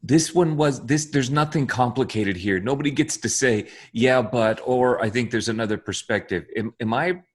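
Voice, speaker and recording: A man who is a lead pastor, talking earnestly in a halting, apologetic way and repeating words as he searches for them. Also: mid-range voice. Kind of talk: earnest conversation.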